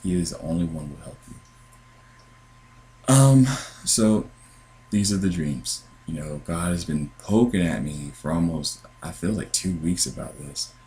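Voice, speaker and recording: A man's voice: deep voice, animated, measured pace, warm tone, poor audio. A man telling his dreams in a casual, earnest testimony, meandering with many fillers and restarts. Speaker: Christian podcaster sharing dreams. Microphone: computer with headphones.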